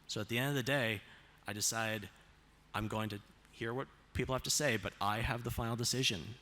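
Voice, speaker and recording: A man giving a motivational presentation with slides as a self-advocate, measured, asking the audience rhetorical questions and slowing down on key phrases. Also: mid-range voice, steady tone, bright, forceful tone.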